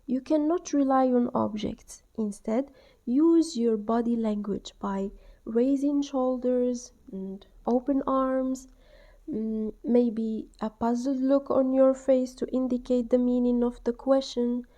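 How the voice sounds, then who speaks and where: Woman teaching, dark mellow voice. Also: on the high side, steady tone. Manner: clear, deliberate, exaggerates classroom model phrases. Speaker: English teacher trainer. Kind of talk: instructional voice-over.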